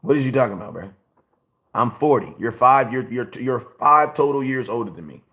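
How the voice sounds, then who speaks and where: A man's voice: mid-range voice, lively intonation, moderate pace, a bit bright. A forty-year-old man hosting a casual sports livestream, talking bluntly and repeating himself as he answers his chat. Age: 40s. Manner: blunt, repetitive, talks straight to chat.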